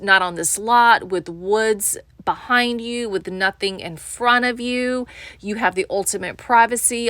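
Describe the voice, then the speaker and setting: A woman's voice: medium pitch, fairly bright tone, no echo. An enthusiastic woman giving a home tour as a real estate agent, often calling out to viewers as "you guys.".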